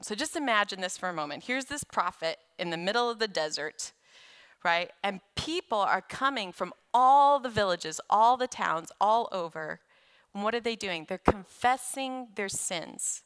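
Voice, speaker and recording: A woman delivers a sermon from a church platform, talking with the congregation in a casual, animated way. Her voice is bright and forward. She sounds like a young adult and drops in offhand remarks between readings. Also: mid-range voice, clean tone. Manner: conversational, animated preaching with casual asides. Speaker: guest speaker. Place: church sanctuary.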